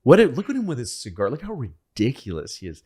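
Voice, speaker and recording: A man's voice: medium pitch, wildly swooping pitch, quick pace, a crowd in the background. A man doing an impression of an older American president, offhand and jeering at a rival. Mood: mocking. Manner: breezy put-on voice, jeering and offhand. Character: blustery older male American president, mocking and dismissive.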